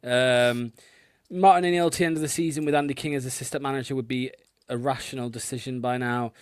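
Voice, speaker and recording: A man's voice: medium pitch, steady tone, fast talker, clean tone, no echo, studio quality. A man hosting a football fan live stream, chatting casually and swearing often, with lots of filler ums. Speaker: host of a fan watchalong stream.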